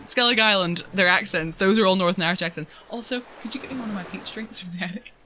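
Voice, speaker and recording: Streaming a video game from home, a woman chats casually with her viewers and her pets, giggling as she goes. Her medium-pitched voice is fast, bright, and forceful.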